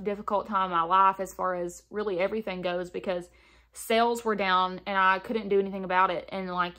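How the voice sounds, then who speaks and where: A young woman beauty vlogger chats candidly while doing her makeup on camera in a casual get-ready-with-me video. Her voice is medium-pitched with a fairly bright tone, and she talks loosely with plenty of fillers.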